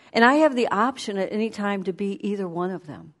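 A woman giving a conversational sermon, animated and storytelling. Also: mid-range voice, fairly quick. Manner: animated, storytelling, laughs while speaking.

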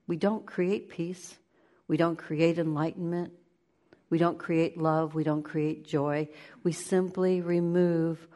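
A woman giving a spiritual talk, shifting between lively play-acting of inner voices and slow, hushed guidance. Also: fairly low pitch. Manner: animated, acts out inner voices with laughter; slows into soft, hushed guidance. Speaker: spiritual teacher.

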